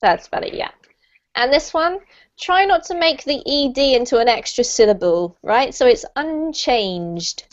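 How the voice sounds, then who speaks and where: A woman teaching an online English lesson, encouraging her students, laughing often and modelling words slowly. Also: sits high, big pitch swings. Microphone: video call. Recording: slightly muffled video call audio.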